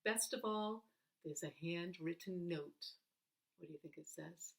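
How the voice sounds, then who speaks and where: A woman's voice: fairly low pitch, gravelly. Woman reading a storybook aloud. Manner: expressive, animated reading with dramatic pauses. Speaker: reader. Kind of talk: reading a children's book aloud. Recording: voice heard from a distance.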